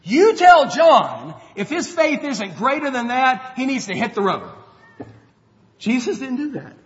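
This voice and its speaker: A man's voice: extremely high pitch, very animated, normal speed, fairly bright tone. A man preaching a sermon as a pastor, earnest and conversational, acting out quotes as he goes. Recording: dull lo-fi sound with long hall reverb.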